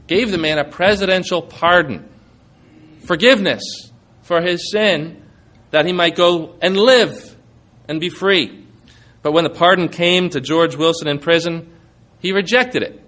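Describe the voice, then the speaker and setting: Guy preaching, pretty high voice, earnest and emphatic, lots of rhetorical questions. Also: a bit bright. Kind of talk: sermon.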